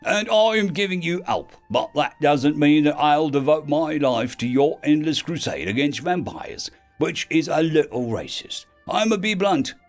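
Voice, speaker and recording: A man's voice: a little high, lively intonation, soft background music, voice pushed up. A man voicing a flippant talking sword. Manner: flippant, joking, drawn-out delivery. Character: sardonic shape-shifting talking sword, male.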